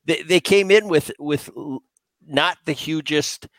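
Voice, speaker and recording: A man who is a former player and co-host, talking baseball in casual, animated chat full of restarts. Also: fairly high pitch, a little slow, no room sound. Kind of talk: casual sports talk.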